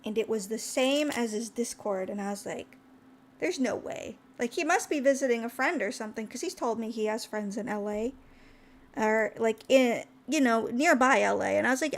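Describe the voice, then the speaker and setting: A young woman streamer telling a long, chatty story. She acts out what people said and jumps in pitch when she gets excited, and she sounds tired. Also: moderate pace. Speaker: VTuber streamer.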